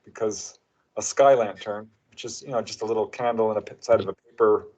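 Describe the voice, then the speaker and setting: A man's voice: lowish voice, brisk, rough recording. A man guesting on an interview show as an author, telling anecdotes and acting out the quotes. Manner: animated storyteller who acts out quotes. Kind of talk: casual interview chat.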